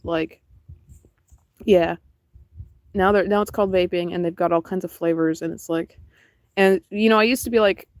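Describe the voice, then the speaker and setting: A woman's voice: lowish voice, a little mellow, no room sound. A young woman chatting casually and rambling while painting on a stream, laughing often. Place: outdoors in cold wind.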